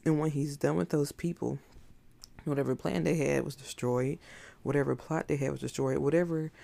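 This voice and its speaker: Woman preacher, casual sermon, very gravelly, dark tone, blunt and emphatic. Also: low-pitched, steady tone, normal speed. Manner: emphatic, blunt, conversational preaching with rhetorical questions. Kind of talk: informal sermon.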